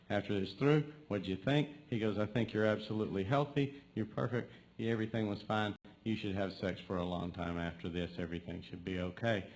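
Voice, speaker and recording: A man's voice: lowish voice, vocal fry, darkish tone. A man, a comedy club host, telling jokes in a loose, rambling way. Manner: loose storytelling with fillers and repeated "he goes". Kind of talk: joke telling. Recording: faint background noise.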